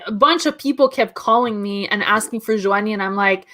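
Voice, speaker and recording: A woman's voice: a little high, brisk, hardly any pauses, fairly bright tone. Woman telling a story in conversation. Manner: storytelling, quoting others. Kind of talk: casual group chat.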